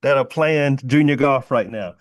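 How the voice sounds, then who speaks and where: Man, podcast host, lively, laughs easily, repeats words, casual interview. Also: medium pitch, moderate pace.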